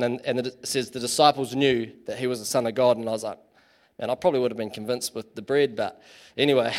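A man giving a casual, chatty sermon in church, full of fillers and self-deprecating asides. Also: medium pitch. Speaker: preacher.

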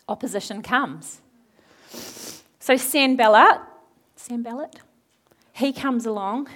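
A woman preaching a sermon, retelling a Bible story in a lively way, acting out the characters' lines and asking her listeners questions. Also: sits high. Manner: animated, acts out quoted characters, asks the audience questions.

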